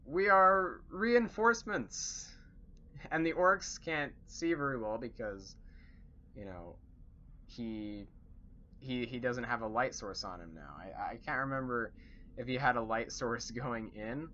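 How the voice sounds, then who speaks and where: Young guy game master rambling thru a session recap, lots of ums, bright voice. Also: medium pitch, unhurried, muffled recording, a little hiss or hum. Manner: rambling, full of fillers and self-corrections.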